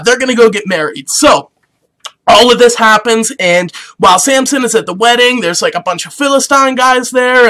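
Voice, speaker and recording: A young man with a high, bright voice retells an old tale as loose, slangy comedy. He keeps it animated and chatty and keeps jumping into voices for the characters he describes. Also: poor audio. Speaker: comedic storyteller.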